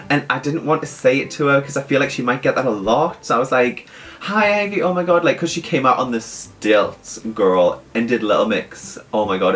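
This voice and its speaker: A young man, telling an excited storytime vlog and gushing as he quotes the people he met. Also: mid-range voice. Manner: gushing, animated, quotes others in lively asides. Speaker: vlogger.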